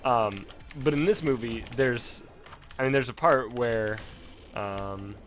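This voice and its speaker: A man's voice: medium pitch, takes it slowly, a bit bright, slight background noise. A young man chatting casually while he plays a game, rambling with lots of fillers and restarts, close to a desk mic. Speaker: gaming streamer. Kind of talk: casual commentary while playing.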